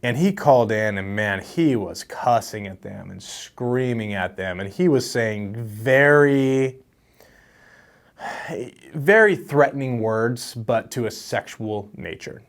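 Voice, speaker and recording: A man's voice: mid-range voice, slow. A young man hosting a casual advice vlog on real estate wholesaling, talking to camera in a friendly, storytelling way. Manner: friendly, storytelling, animated with laughs.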